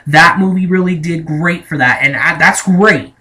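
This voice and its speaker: Young man, bright clear tone, casual movie review, rambling, hesitant, self-correcting. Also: on the high side, normal speed. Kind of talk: casual spoken movie ranking.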